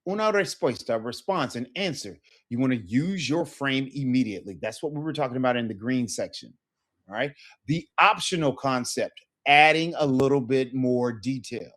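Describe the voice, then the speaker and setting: A man's voice: medium pitch, animated, moderate pace, fairly bright tone. A middle-aged man teaching an online Spanish lesson, repeating phrases with rising emphasis.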